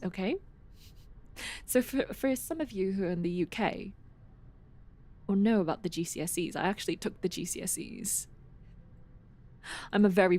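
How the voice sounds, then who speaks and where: Speaking into a desk mic at home, a young American woman streamer rambles chattily, giggling a lot and starting her sentences over. Her voice is on the low side and a little mellow.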